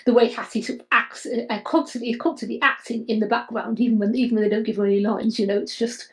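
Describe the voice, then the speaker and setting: A woman co-hosting a casual podcast discussion, talking haltingly with many restarts and repeated fillers. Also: fairly high pitch, steady tone, poor audio. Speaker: podcast co-host.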